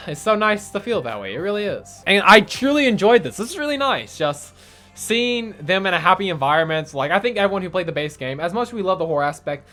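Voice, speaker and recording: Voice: medium pitch, sing-song, fairly quick, pushed and bright, soft background music. A young adult gaming video creator giving emotional let's play commentary, swearing a lot.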